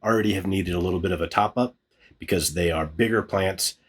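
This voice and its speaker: Man, casual hands-on demo, jokey, slightly low voice, a bit husky. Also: a little fast. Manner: upbeat, chatty, self-deprecating humor. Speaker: gardening channel host.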